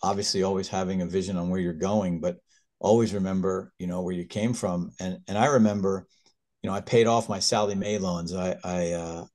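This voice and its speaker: A man in his fifties, a physician and guest, telling stories in an animated, earnest way that turns emotional. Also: sits low, fairly quick. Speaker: critical care physician, guest. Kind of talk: conversational storytelling.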